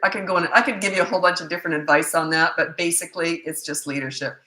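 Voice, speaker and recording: A middle-aged woman gives parenting advice in a live question-and-answer chat. She sounds chatty and emphatic, with a low, forceful voice. The recording is roomy and echoey. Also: steady tone, rapid-fire. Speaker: parenting coach.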